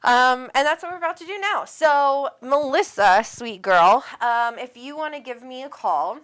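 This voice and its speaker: Woman, host, casual chat, bubbly, affectionate, fairly high voice. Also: animated, moderate pace, fairly bright tone. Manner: bubbly and affectionate, laughs often. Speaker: psychic medium show host. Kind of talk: casual live-stream chat.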